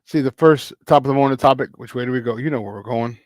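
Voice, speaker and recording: Host, male, chatty and excitable, medium pitch, dry close mic. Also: quick pace, no room sound. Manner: excitable, rambling, laughs often. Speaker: sports talk show host. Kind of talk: casual sports talk.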